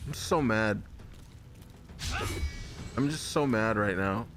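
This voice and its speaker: A man's voice: on the low side, slow pace, noisy background. A young man giving casual, jokey commentary while streaming a game, mock-angry and full of silly made-up words.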